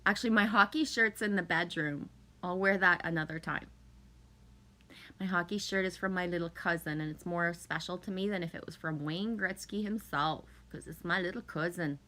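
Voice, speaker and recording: A woman's voice: lowish voice, moderate pace, pushed and bright. Chipper, swearing middle-aged woman streamer. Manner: chipper, profane, laughs often, talks to chat. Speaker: livestream host. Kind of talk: casual livestream chat.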